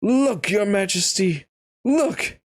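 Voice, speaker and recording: A man voicing an excitable, hat-hungry medieval king in a storybook reading, speaking in exclamations. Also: high-pitched, slow pace. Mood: gleeful. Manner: exclamatory, stern then gleeful.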